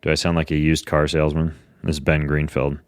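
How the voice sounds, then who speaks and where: A man's voice: very deep voice, completely flat delivery, a little fast, clean tone, no room sound, clean studio sound. A man hosting a podcast, reading sponsor ads casually with quirky, self-mocking jokes. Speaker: podcast host. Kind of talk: casual podcast intro and ad read.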